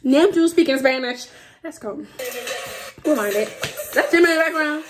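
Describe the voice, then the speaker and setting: A woman hosting a reaction video, talking excitedly, squealing, laughing and singing along. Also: high-pitched, normal speed, slight background noise. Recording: music playing loudly behind.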